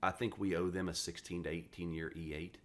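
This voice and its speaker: Low-voiced West Virginia man, 40s, gruff profane raconteur, podcast guest. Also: brisk. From West Virginia, USA. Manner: blunt, profane, animated storyteller. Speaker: podcast guest, retired Marine. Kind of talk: casual interview storytelling.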